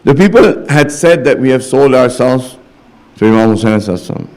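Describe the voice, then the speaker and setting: A man's voice: expressive, fast talker, darkish tone. A man giving a religious sermon in a mosque hall, retelling stories with quoted dialogue and rising to impassioned pleading. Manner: rises to impassioned, high-pitched pleading near the end. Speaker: religious speaker. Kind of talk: majlis sermon.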